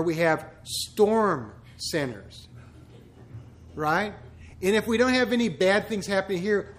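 A man, a pastor, giving a conversational church teaching full of humorous asides and rhetorical questions. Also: sits high.

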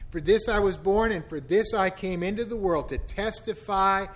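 A man reading aloud who voices a calm, solemn male prisoner answering a governor in a quiet, measured way. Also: sits high.

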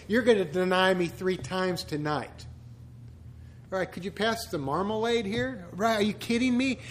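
A man's voice: high voice, a little hiss or hum. A man, a pastor, giving a conversational church teaching full of humorous asides and rhetorical questions.

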